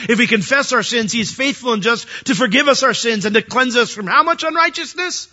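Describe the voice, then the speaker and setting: Guy preaching a sermon, high bright voice, kinda dull lo-fi recording. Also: fairly quick, hardly any pauses. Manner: animated, emphatic, asks the audience questions.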